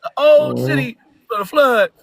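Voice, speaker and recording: A man from California ranting loudly over a video call in a rambling, emphatic slang-heavy style. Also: very high voice, huge pitch swings, normal speed, vocal fry, no room sound, faint music behind. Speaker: caller. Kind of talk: heated rant.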